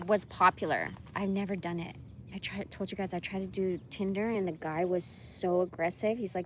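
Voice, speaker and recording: A woman's voice: lowish voice, moderate pace, pushed and bright, slight background noise. A woman vlogger chatting casually to her viewers, swearing freely and breaking into laughter. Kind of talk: casual chat to camera.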